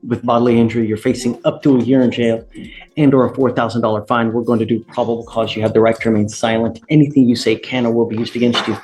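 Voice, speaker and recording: Stern judge, flat delivery. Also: male voice, medium pitch. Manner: stern, warning defendants firmly. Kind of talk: courtroom hearing.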